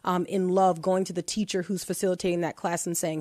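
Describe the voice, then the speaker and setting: A woman hosting a faith-based talk show. She speaks in an animated way, often laughs and restarts her sentences. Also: fairly low pitch, fairly quick, no echo, studio quality. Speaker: podcast host.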